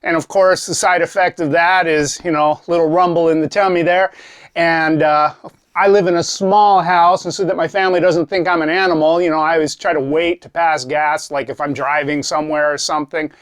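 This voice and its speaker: A man's voice: fairly high pitch, fairly even intonation, fairly quick. A man from Alaska doing stand-up comedy in a dry, conversational way. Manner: dry, conversational delivery, acted-out voices.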